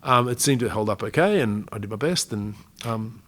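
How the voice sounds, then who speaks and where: A man with a low voice and an Australian accent, talking as a podcast guest. He is in his forties and tells his stories casually, in a chatty way, often breaking into laughter. His delivery stays loose and conversational. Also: animated, moderate pace, fairly bright tone. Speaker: guest, army veteran. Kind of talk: casual storytelling interview.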